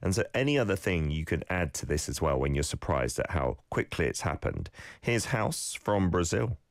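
A very deep-voiced male host leads a radio lesson from a studio. He talks in a lively, encouraging way and breaks down pronunciation syllable by syllable. The sound is dry and close. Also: normal speed, no room sound. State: slight cold, sneezing. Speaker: radio host and Korean language teacher. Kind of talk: radio lesson with listener clips.

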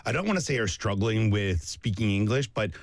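Low-voiced man hosting easygoing chat. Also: animated, fairly quick, no echo, clean studio sound. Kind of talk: casual chat.

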